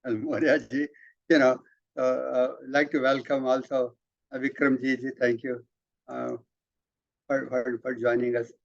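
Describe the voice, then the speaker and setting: A man leading a spiritual study session, explaining emphatically with repeated words and halting restarts. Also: medium pitch, little pitch movement, creaky, no echo. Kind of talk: explanatory talk, reading out and commenting. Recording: dull lo-fi, dry sound.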